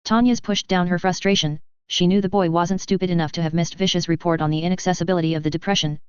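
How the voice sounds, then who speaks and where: A narrator reading a fan fiction story aloud in a steady, even storytelling voice. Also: medium pitch, fast talker, clean tone, dry recording. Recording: dry, slightly dull lo-fi recording.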